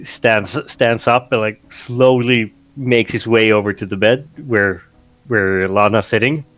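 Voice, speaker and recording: A man's voice: fairly low pitch, fairly even intonation, measured pace, fairly bright tone, soft background music. A man playing a tabletop role-playing game who narrates his character's actions, hesitant and full of restarts. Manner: hesitant, repeats words, says "like" a lot. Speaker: player.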